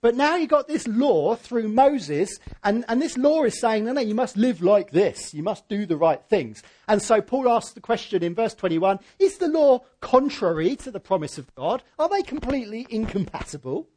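A man preaching a sermon in a conversational, emphatic way, with a husky voice. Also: high-pitched, sing-song, moderate pace, hardly any pauses, darkish tone.

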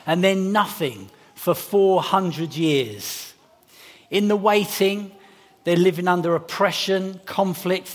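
An English man preaching at a Christmas carol service, chatty and jokey, slowing down to read scripture to the congregation. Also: a little high. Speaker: pastor. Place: church hall before a congregation.

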